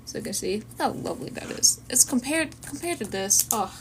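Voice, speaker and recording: Her voice is a little high, animated and fairly quick, with a slight hiss or hum in the audio. She's an art streamer chatting and rambling casually to viewers while drawing, sniffly from a runny nose, making self-deprecating asides over lofi music.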